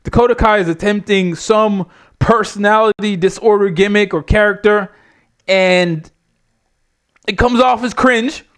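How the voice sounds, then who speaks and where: A man's voice: sits high, unhurried, a bit bright, clear, resonant tone. A man reviewing a wrestling show in a blunt, exasperated rant full of swearing. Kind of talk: profane ranting review.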